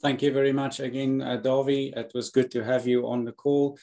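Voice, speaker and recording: A man's voice: mid-range voice, little pitch movement, fairly quick, dark tone. A man with a South African accent, co-hosting a podcast and closing the episode in a friendly, easygoing way. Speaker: podcast co-host. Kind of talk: podcast sign-off.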